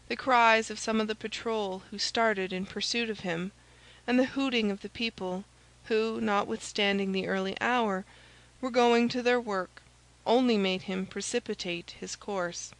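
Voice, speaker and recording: Woman audiobook narrator, steady, even delivery. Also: mid-range voice, a little slow, low-quality recording. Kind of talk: scripted narration.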